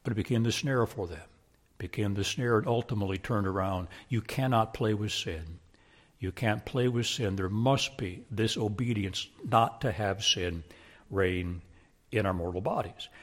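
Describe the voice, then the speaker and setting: Husky, emphatic male preacher. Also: fairly low pitch. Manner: emphatic, repeats key phrases, swings between loud and hushed. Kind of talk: sermon.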